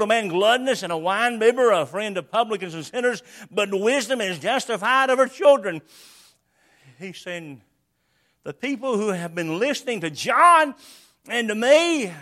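A man preaching a sermon, explaining a scripture passage verse by verse and acting out its quotes with sudden loud bursts. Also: high voice.

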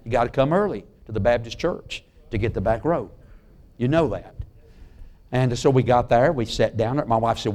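A middle-aged man preaching a sermon in a church. He tells folksy stories and drops to a hush on key lines. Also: mid-range voice, moderate pace. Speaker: pastor. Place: church sanctuary.

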